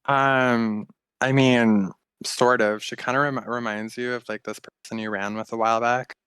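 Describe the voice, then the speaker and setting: A man as game master, narrating a tabletop game in a halting way with many fillers. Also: medium pitch, little pitch movement, a bit bright, clean tone, no echo.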